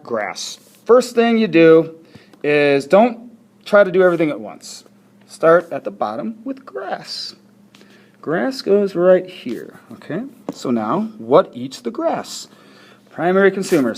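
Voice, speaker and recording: A male teacher talks students through a worksheet, chatty and encouraging and quick to laugh at his own mistakes. His voice sits a bit high for a man and swings up and down with lively energy. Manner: chatty, self-deprecating, encouraging. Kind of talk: recorded classroom lesson walkthrough.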